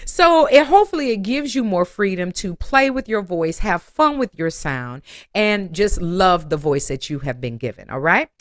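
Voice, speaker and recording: A woman's voice: mid-range voice, expressive, moderate pace, no echo, clean studio sound. A woman voice teacher giving an online singing lesson, encouraging her students and breaking into sung phrases and vocal exercises.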